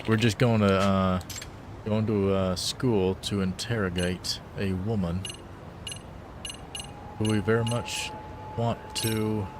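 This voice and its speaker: A man's voice: on the low side, steady tone, takes it slowly, pauses often, background noise. A man joking loosely in slang while live-streaming a game. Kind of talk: casual live-stream commentary.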